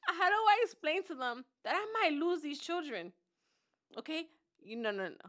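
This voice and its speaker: A woman with a fairly high voice tells a story with dramatic flair on a casual podcast. She acts out the other people's voices as she goes and laughs through the tense parts. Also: big pitch swings, moderate pace, fairly bright tone. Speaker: podcast co-host. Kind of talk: animated storytelling chat.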